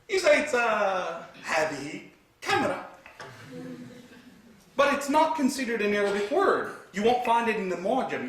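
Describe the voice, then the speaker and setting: Recorded at a distance in an echoey hall, a man lecturing on religion retells scripture in vivid terms, weaving Arabic verse recitations into his English. He is an Islamic teacher whose voice sits high with a fairly bright tone.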